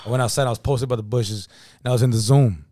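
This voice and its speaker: A man with a Californian accent, telling an animated, slang-filled story in casual chat. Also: mid-range voice, fast, no echo. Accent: Californian English.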